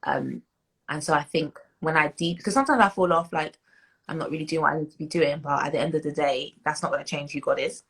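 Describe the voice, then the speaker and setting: A young British woman in her twenties speaks as an interview guest, her voice low and a little husky. She talks thoughtfully and loosely, circling back with fillers and restarts. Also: very animated, fast talker, fairly bright tone, rough recording. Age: 20s. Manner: reflective, many fillers and restarts, laughs as she tells stories. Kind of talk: interview conversation.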